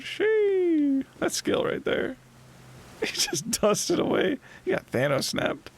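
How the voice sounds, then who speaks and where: A man streams a game live, chatting casually and playfully as he plays, often laughing and teasing what happens on screen. His very high voice is creaky, its pitch swooping wildly, and he talks slowly.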